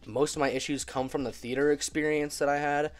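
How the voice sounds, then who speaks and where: A man's voice: on the high side, fairly even intonation, fairly quick, soft background music. Chatty young man reviewing a movie. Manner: chatty, laughs easily, many fillers. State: getting over a cold. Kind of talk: casual movie review vlog.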